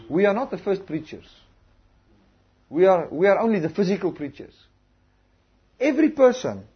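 Husky guy preaching, acts out little conversations, kinda high voice, dull recording. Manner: animated storytelling, acting out conversations. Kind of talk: sermon on evangelism.

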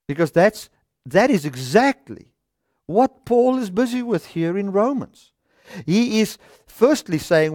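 A man's voice: a little high, animated, normal speed, darkish tone, no room sound. A man preaching a sermon from a studio stage, reading scripture aloud and reasoning through it with rhetorical questions.

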